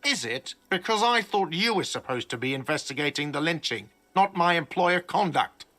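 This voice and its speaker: A man's voice: a little high, lively intonation, moderate pace, pushed and bright. An actor playing a testy male manager who answers in a sarcastic, curt way. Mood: irritable.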